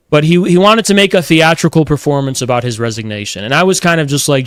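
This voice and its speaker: Speaking quickly with few pauses, this streamer has a fairly high, bright, clear and resonant voice on a dry recording. He spins a long, casual yarn, cursing freely, talking bluntly and mimicking others with mockery.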